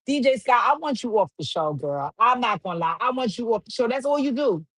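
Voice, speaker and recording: A woman's voice: a little high, sing-song, fairly quick, a bit bright, dry recording. A woman hosting a livestream, recapping reality TV in casual, profane chat with sing-song refrains. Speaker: livestream host.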